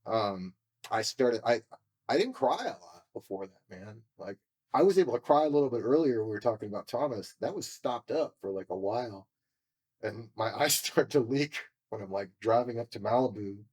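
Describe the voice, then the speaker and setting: A man's voice: medium pitch, lively intonation, moderate pace, darkish tone, slightly rough. A man from California telling his story as a podcast guest, candid, emotional and profane, acting out what people said to him. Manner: emotional and confessional.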